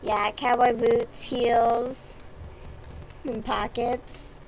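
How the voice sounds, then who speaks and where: A woman's voice: on the high side, little pitch movement, drawn-out words, darkish tone, a little hiss or hum, poor audio. A young woman from the US South chatting casually and bluntly with her stream viewers while she crochets, with plenty of swearing.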